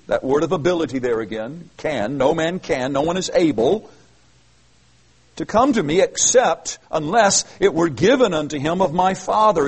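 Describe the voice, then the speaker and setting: A man's voice: on the high side, slightly rough, poor audio. A man preaching an expository sermon, reading verses aloud and explaining them earnestly with emphatic, repeated phrases. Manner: earnest, emphatic, with frequent restarts. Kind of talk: expository Bible teaching.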